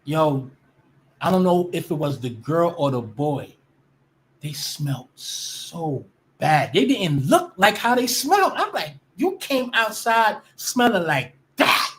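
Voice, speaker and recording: A woman's voice: low-pitched, sing-song, slow. A woman ranting casually to her viewers, blunt and profane, often restarting her sentences. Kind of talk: casual rant to camera.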